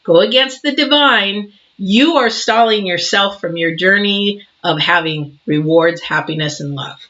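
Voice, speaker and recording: A woman's voice: mid-range voice, a little slow, a bit bright, highs cut off. A woman in her sixties giving a casual tarot reading, emphatic and preachy, acting out little scenes as she talks. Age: 60s. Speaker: tarot reader.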